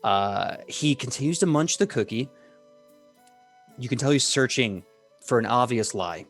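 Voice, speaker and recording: A man narrating as game master in a tabletop game, talking loosely and joking, quick to laugh. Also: medium pitch, lively intonation, faint music behind.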